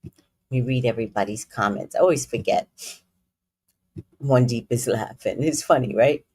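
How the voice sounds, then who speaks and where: A woman from New York telling casual stories in a blunt, profane, animated way. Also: rumbling low, normal speed, husky. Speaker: vlogger. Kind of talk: casual storytelling commentary.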